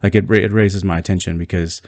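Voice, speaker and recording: A man's voice: low-pitched, steady tone, fast, darkish tone, no echo. A man hosting a casual video review, talking loosely with many fillers and restarts. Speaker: video host reviewing a movie trailer.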